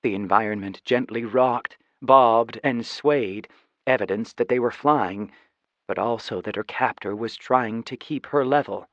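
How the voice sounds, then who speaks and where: A man narrating a fantasy audiobook in steady, scripted storytelling. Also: medium pitch, a little slow, no echo. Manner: even, steady storytelling with voiced dialogue. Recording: slightly dull, dry studio recording.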